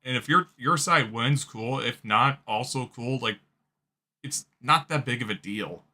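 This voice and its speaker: A man's voice: medium pitch, a little slow, pushed and bright. A man hosting a reaction video, talking casually, swearing and laughing often. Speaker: host. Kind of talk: reaction commentary.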